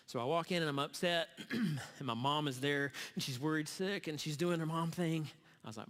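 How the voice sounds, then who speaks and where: Middle-aged male church speaker, earnest storyteller with a tense, bright edge; recorded in a reverberant hall. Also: a little high. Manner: earnest, halting storyteller with many restarts. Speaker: speaker at a church summer series. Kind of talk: storytelling sermon talk. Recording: long reverb of a large hall.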